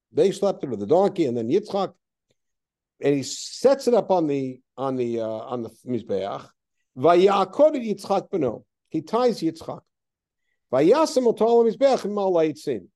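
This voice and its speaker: A man leading a text study class, reading Hebrew verses aloud and then explaining them with lively, questioning remarks. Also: a little high. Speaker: teacher.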